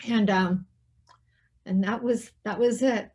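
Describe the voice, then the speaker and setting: A woman hosting an interview, telling a personal story in a soft, hushed way and acting out the quoted dialogue. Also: mid-range voice, fairly even intonation, takes it slowly, long pauses, slightly rough. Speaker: interview host.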